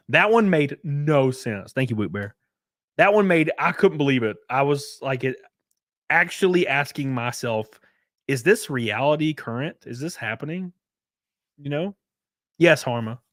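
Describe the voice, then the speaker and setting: A man's voice: medium pitch, animated, normal speed, fairly bright tone, no echo, studio quality. A man casually telling stories on his livestream, laid back and swearing freely. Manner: profane, laid-back storytelling. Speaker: streamer.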